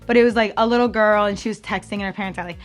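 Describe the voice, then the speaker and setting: A young adult woman hosts a campus ministry podcast in casual, bubbly chat. She talks at an ordinary pitch, filling her lines with ums and likes, and leaps up high whenever she quotes someone. Soft music plays faintly behind her. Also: fairly even intonation, racing. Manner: chatty and bubbly, lots of fillers, jumps up high for quoted voices.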